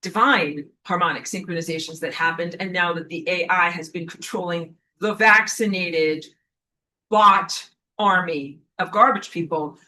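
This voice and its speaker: A woman talking alone to camera, telling a personal story and acting out quotes loudly. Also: fairly low pitch, a little hiss or hum. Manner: animated, acts out quotes in a raised voice. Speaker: online teacher. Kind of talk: casual monologue to camera.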